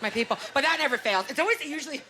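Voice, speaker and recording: A middle-aged woman doing a stand-up comedy set on a club stage, with an animated, self-mocking delivery full of rhetorical questions. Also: high-pitched, rapid-fire. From Canada. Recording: live club recording, loud crowd laughter and noise.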